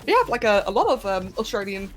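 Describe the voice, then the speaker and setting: A woman's voice: mid-range voice, sing-song, quick pace, soft background music. A young British woman chatting casually with her viewers while playing a game, giggly and rambling, her throat a little sore. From Britain. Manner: chatty, giggly, talks to chat. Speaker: streamer. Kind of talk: casual live-stream chat while gaming.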